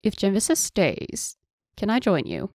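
A woman's voice: medium pitch, huge pitch swings, a little slow, darkish tone, husky, dry recording, clean studio sound, heavily acted. Woman doing a careful, reassuring noblewoman. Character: cautious woman of high rank.

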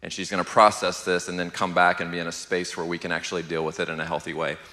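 A middle-aged man, teaching a church marriage class in a steady, even-keeled, conversational way. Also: sits low, fast talker, long reverb tail. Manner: steady, even-keeled, asks the room "how many know".

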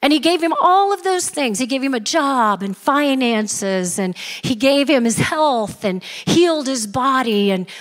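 A woman's voice: high voice, expressive, measured pace, few pauses. Emphatic woman pastor preaching in a hall. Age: middle-aged. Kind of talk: sermon. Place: church sanctuary. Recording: reverberant church hall.

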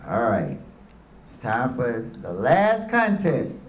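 A man's voice: medium pitch, wildly swooping pitch, takes it slowly, lo-fi sound, a little hiss or hum. A man giving a motivational speech to youth and parents, telling stories and calling for amens from the room. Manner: storytelling with call-and-response. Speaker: motivational speaker. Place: room with a live audience. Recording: echoey room.

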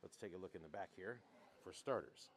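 A man working as a car salesman gives a casual walkaround demo indoors, talking in a hushed golf announcer voice. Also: low-pitched, animated, fairly quick, slight background noise.

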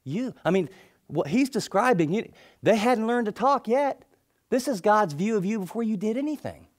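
A middle-aged male pastor preaching a sermon, telling stories and acting out the people in them, then dropping into soft, intense tones. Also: sits high, animated, normal speed. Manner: storytelling, acts out quoted people, drops to soft intense tones.

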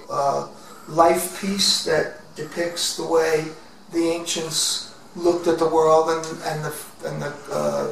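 A man with a fairly high voice walks through his found-object artworks, musing aloud and circling back to his points. He sounds set back from the microphone in a very echoey room, with a faint hiss beneath him. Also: recorded from a distance. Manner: rambling and reflective, with pauses and restarts. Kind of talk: casual talk about his own artworks.

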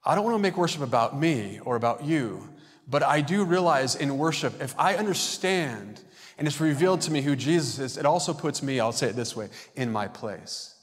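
Male pastor, mid-pitched, conversational sermon delivery, recorded in a reverberant church sanctuary. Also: expressive, normal speed. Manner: conversational preaching, acts out quoted voices.

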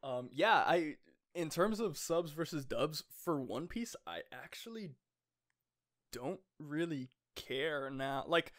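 A man's voice: on the high side, animated, takes it slowly, a bit bright. A young man co-hosting a podcast, chatting eagerly and laughing often, with lots of fillers. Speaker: podcast co-host. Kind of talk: casual chat.

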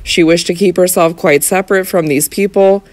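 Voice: medium pitch, steady tone, moderate pace, no room sound, close to an everyday voice. An audiobook narrator voicing an older schoolmistress who sounds embarrassed and defensive. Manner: apologetic, reproachful.

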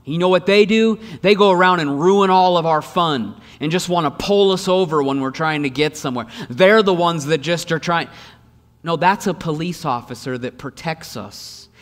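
A pastor preaches with plenty of energy, firing repeated rhetorical questions at his congregation. His voice sits fairly high for a man. The sound carries a long church-hall reverb. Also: moderate pace. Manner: acts out voices in quoted lines. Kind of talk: sermon. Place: church sanctuary.

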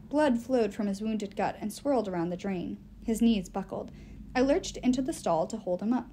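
A woman reading a novel aloud as the first-person narrator, in an expressive storytelling way. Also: fairly high pitch, slight background noise. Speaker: audiobook reader.

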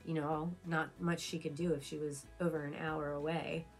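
A woman's voice: low-pitched, flat delivery, normal speed, soft background music. A woman vlogger chatting casually while getting ready, telling an emotional personal story full of fillers and repeats. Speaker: beauty vlogger. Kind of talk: casual chat during a get-ready-with-me video.

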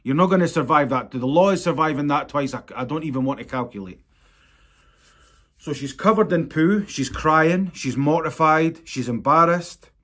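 A tattoo artist who hosts his own channel gives his viewers a direct-to-camera vlog update, sounding blunt, angry and sweary. His voice is a little high and a bit bright, animated, at a normal speed.

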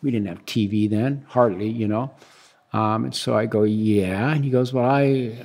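A man in his sixties from the United States, telling stories as a guest in a relaxed, rambling way and acting out the dialogue he quotes. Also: on the low side, normal speed. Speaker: guest, big-wave surfer. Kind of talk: casual storytelling interview.

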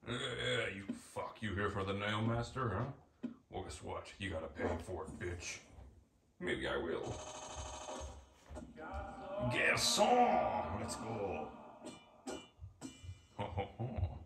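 A man's voice: lowish voice, a little slow. A man commenting on his gameplay, exasperated and swearing at enemies, mocking himself as he goes. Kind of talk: let's play commentary. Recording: echoey room, distant mic, loud game music. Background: game music.

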